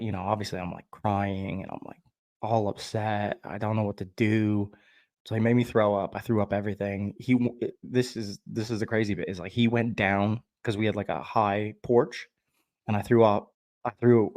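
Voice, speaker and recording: A man's voice: fairly low pitch, steady tone, moderate pace, a little mellow, dry recording. A man vlogging a candid personal story in a rambling, frank way, with fillers, restarts and swearing. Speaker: vlogger sharing his recovery story.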